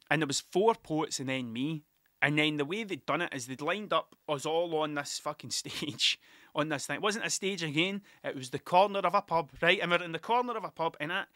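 A man's voice: on the high side, sharp tone, dry recording, studio quality. A Scottish man, a musician, telling rambling, sweary stories about gigs in a casual monologue, often laughing at himself.

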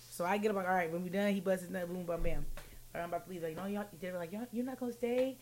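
A woman telling a story on a casual chat podcast, rattling along at a quick clip with plenty of swearing. She acts out the other people's lines as she goes. A faint hiss sits under her voice. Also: fairly low pitch. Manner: animated, profane storytelling with acted-out quotes.

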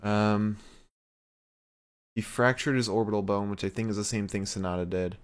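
A man co-hosting a podcast, chatting casually with relaxed, hesitant delivery and frequent fillers. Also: fairly low pitch, moderate pace, slight background noise. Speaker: podcast co-host. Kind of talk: casual chat recapping wrestling.

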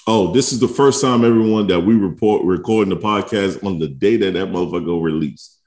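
A man with a very deep voice co-hosts a casual podcast, easygoing and quick to laugh. He tells family stories in a relaxed way, now and then raising his pitch to imitate his kids. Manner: laid-back, laughs often, tells stories with kid voices. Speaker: podcast co-host. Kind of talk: casual chat.

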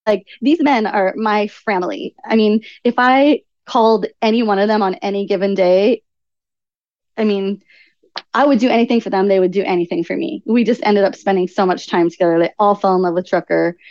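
A woman telling stories as a podcast guest, bringing them to life by acting out quoted speech in livelier bursts. Her voice sits at an ordinary middle pitch. The recording is dry and close, with a slightly dull, lo-fi tone. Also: fairly even intonation, brisk, a little mellow, no echo. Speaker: podcast guest, author and nutritional coach. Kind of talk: conversational interview storytelling.

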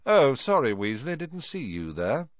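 A man's voice: medium pitch, very animated, unhurried, no room sound, lo-fi sound, pitched above the performer's own voice. A man reading an audiobook voices a spiteful, sneering rich schoolboy who taunts others. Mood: mocking. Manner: taunting, mocking.

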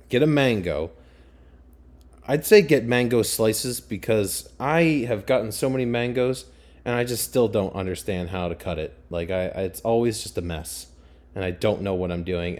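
A young man, chatting casually as a podcast host, rambling and excitable with many fillers. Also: lowish voice. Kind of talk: casual chat.

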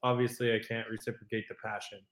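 A man's voice: mid-range voice, fast talker, roomy sound, very noisy. A man co-hosting a podcast in casual chat, swearing freely and telling stories animatedly. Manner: profane, animated storytelling. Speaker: podcast co-host.

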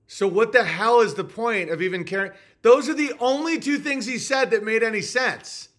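Mocking guy on a livestream reading chat, kinda high pitched, sharp and tense sounding. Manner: sarcastic, mocking rants. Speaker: podcast host reading viewer messages. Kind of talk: live-stream chat reading.

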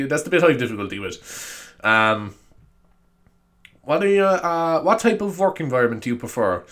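A man's voice: medium pitch, a bit bright. A young man hosting a solo comedy podcast, rambling and swearing with self-mocking humor. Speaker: podcast host.

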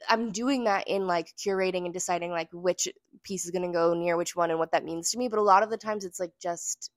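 A woman's voice: on the low side, steady tone, fairly quick, no room sound, clean studio sound. A young woman chatting casually as a podcast guest, rambling and full of fillers. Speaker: guest, magazine editor.

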